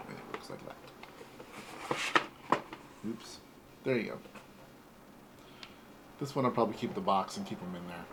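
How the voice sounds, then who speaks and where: A man in his forties hosting a casual toy unboxing, talking in a relaxed, rambling way. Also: deep voice, background noise. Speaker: toy collector host.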